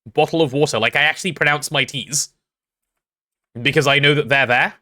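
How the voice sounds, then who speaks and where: A young English man casually chatting on a gameplay livestream, reading chat aloud and joking, quick to apologize. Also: mid-range voice, fairly even intonation, bright, forceful tone. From England.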